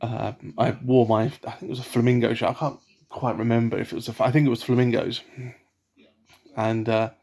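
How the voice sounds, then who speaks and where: A man telling a personal story in a casual vlog, rambling with many fillers and restarts in a soft, self-conscious way. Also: mid-range voice, flat delivery, fairly quick. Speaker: vlogger.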